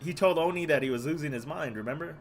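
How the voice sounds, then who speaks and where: A man with a fairly high-pitched voice live-streams a game and rants casually at a fast clip, with slight background noise behind him. He swears freely and sticks "dude" or "bro" onto almost every phrase, sounding mocking and scornful.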